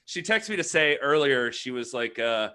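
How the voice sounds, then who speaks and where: A man hosting a casual live online chat over a video call, self-deprecating and quick to giggle. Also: mid-range voice, sing-song, pushed and bright, smooth. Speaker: host.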